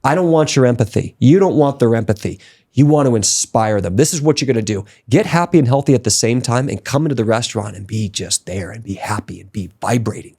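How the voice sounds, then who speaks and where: Gravelly, emphatic man telling his story. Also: medium pitch, quick pace. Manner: emphatic, motivational, speeds up and gets excited. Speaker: podcast guest. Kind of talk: casual interview storytelling.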